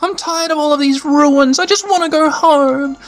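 A woman's voice: sits high, moderate pace, soft background music, pitched above the performer's own voice, close to an everyday voice. A woman voicing a sulky, tearful young girl who wants to go home. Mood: whiny. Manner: whining, sulky.

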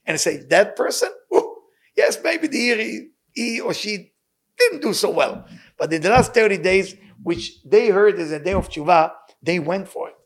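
A man's voice: high voice, animated, moderate pace. A man giving a sermon in English, earnest and emphatic, with phrases. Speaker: rabbi teaching.

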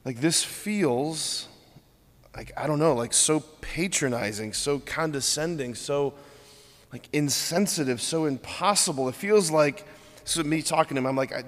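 A man's voice: a little high, unhurried. A man, a priest, giving an informal, earnest homily full of "like". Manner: earnest, informal, heavy use of "like". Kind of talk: conversational homily. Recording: long church reverb.

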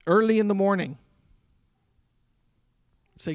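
A man delivering a sermon as a pastor, talking conversationally with dramatic pauses. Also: a little high, expressive, no echo, clean studio sound. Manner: conversational preaching with dramatic pauses and acted quotes.

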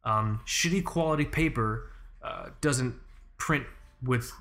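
Dude hosting a watch podcast, rambles a lot, swears, says like and you know constantly, normal middle pitch. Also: male voice, slow pace, fairly bright tone. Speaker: podcast host and Soviet watch expert. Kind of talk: casual podcast chat.

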